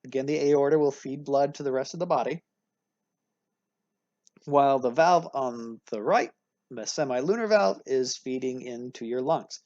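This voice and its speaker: A man's voice: mid-range voice, moderate pace, a little mellow, dry recording. Guy teaching heart anatomy, chill and upbeat, fixes his words a lot, mid-range voice, dry muffled audio. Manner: casual and upbeat, with frequent self-corrections and analogies. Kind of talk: recorded lecture. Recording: dry, slightly dull recording.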